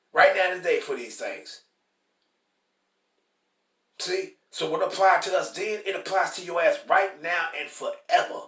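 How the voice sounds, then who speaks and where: A man teaching the Bible in an informal, blunt and profane preaching style, repeating points emphatically and reading verses slowly and forcefully. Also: high-pitched. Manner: reads scripture slowly and forcefully. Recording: roomy echo from a distant mic.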